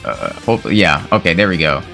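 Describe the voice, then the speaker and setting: A man with a bright, forceful voice recounts a gaming grudge in relaxed slang, tossing in "bro" constantly. Soft guitar music plays faintly underneath. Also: low-pitched, fast talker, creaky. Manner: slangy, laid-back, peppered with "bro". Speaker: gaming video creator. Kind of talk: casual storytelling commentary.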